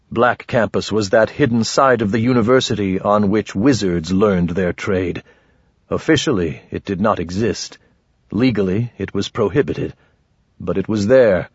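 Husky man reading a fantasy book, low voice, dry dull audio. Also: normal speed, no echo. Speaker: audiobook narrator. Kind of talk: scripted fantasy narration.

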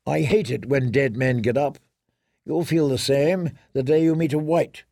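A man's voice: medium pitch, moderate pace, vocal fry, dark tone, no room sound, studio quality. A man voicing a stern young commander who speaks in curt, hard orders in an audiobook.

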